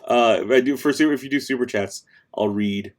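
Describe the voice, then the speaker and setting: A man's voice: medium pitch, a little fast. A man casually chatting on a late-night livestream at home, reading out viewer questions and answering with offhand sass. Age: adult with kids. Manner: offhand and sassy, answering chat between tasks. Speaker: livestream host.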